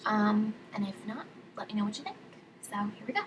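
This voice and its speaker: A woman's voice: mid-range voice, animated, brisk. Chatty Californian young woman, distant mic. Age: young adult. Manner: chatty, lots of ums and likes. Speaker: vlogger. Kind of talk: casual vlog chat. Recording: distant mic with clear room noise.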